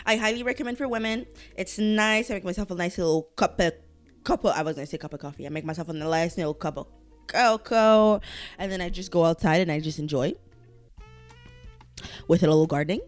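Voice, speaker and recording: A woman with a fairly low voice talks casually on her solo podcast, wandering from thought to thought. She swears freely and often trails off and restarts her sentences. Faint music plays softly behind her. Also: fairly quick. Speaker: podcast host.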